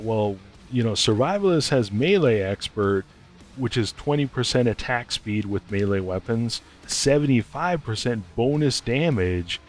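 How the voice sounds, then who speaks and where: Chatty man musing over game news. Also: mid-range voice. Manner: chatty and speculative, thinking aloud. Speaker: gaming video host. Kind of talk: casual gaming news commentary.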